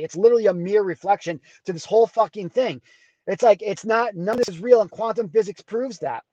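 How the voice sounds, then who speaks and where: A man's voice: sits high, darkish tone, dry recording. A man hosting his own podcast in a raw confessional monologue, blunt, profane and fired up, from a rural farm background. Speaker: podcast host. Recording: dull dry sound.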